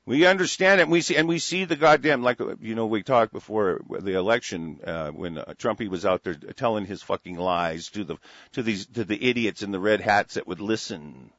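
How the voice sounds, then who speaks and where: A man's voice: on the low side, moderate pace, a bit bright, dry recording. A man delivering an angry, heated monologue, full of profanity and restarted phrases. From United States. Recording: dry, dull lo-fi recording.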